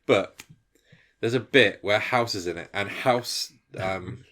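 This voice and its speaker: A man's voice: on the low side, slow pace, bright, forceful tone. A man co-hosting a casual podcast, rambling and laughing easily. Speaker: podcast co-host. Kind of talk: casual chat.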